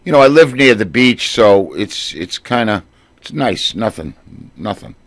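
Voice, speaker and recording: A man's voice: lowish voice, sing-song, a little slow, a bit bright, no room sound. A man with a Boston accent hosting a casual radio chat from the studio, easygoing and bantering. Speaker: radio host.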